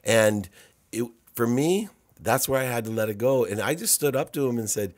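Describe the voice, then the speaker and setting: A man's voice: medium pitch, normal speed, dry recording. A man being interviewed on a podcast, telling a personal story with feeling, often repeating words and acting out what people said. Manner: animated, repeats words, acts out quotes. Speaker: podcast guest. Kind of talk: emotional storytelling in conversation.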